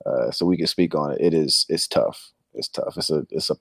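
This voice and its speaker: A man's voice: rumbling low, fairly quick, gravelly, fairly bright tone, breathy edge, no echo, studio quality. A man co-hosting a podcast in casual chat, loose and joking, often calling his partner "man". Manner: laid-back, loose and joking, says "man" a lot. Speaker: podcast co-host.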